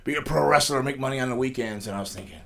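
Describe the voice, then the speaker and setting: Speaking at a racing clip in a sharp, medium-pitched voice, this middle-aged male wrestler is a guest in a studio. He laughs as he spins rambling tales from his life in a casual storytelling interview.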